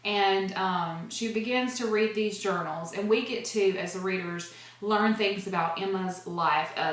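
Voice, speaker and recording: A woman talking casually and earnestly about a book she loves, with many fillers and restarts. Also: mid-range voice. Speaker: book reviewer. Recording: very echoey room.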